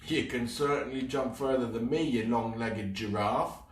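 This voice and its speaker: A man's voice: mid-range voice, moderate pace, distant mic, natural voice. A plucky, cheerful boy calls out in a hearty, teasing way, as a man reading a storybook plays him. The sound is roomy and set back from the mic. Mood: encouraging.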